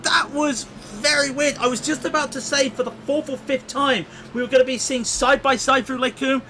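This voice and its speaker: A man doing excitable live commentary on a sim race, shouting when cars crash. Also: extremely high pitch, normal speed, slight background noise.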